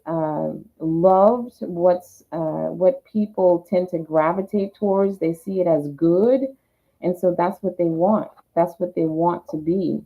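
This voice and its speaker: A woman reading tarot, voicing the cards' messages in first person and then explaining them. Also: on the low side. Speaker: tarot reader. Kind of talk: channeling tarot card messages. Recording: tinny phone-like sound.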